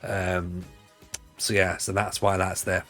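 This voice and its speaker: A man's voice: low voice, monotone, takes it slowly, fairly bright tone, faint music behind. A man in his forties with a Northeast English accent, chatting casually and rambling on a livestream, laughing easily. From Northeast England. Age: 40s.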